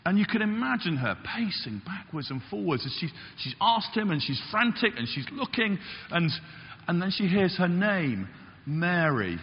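A male pastor delivers a sermon with a lively, swooping delivery, sometimes acting out the voices he quotes. The sound is slightly dull and carries a long church reverb. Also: moderate pace, a little hiss or hum. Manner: animated, acts out quotes with big pitch jumps. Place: church hall.

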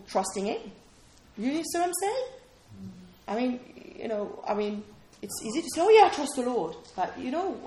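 Woman preacher, high voice, chatty sermon delivery that keeps checking in with the room, roomy echo. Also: darkish tone. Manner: conversational, keeps checking in with "okay?" and questions to listeners. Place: room with a small responding audience.

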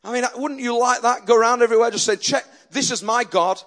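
A male preacher delivering a sermon, telling stories and quoting people, animated and often repeating words. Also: extremely high pitch, fast talker. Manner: animated, repeats words when excited, quotes others in his stories. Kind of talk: sermon with storytelling.

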